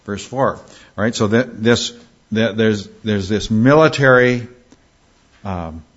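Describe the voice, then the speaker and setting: A man preaching an expository sermon, emphatic, often restarting phrases and slowing down to read scripture. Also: fairly low pitch. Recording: dull lo-fi sermon recording.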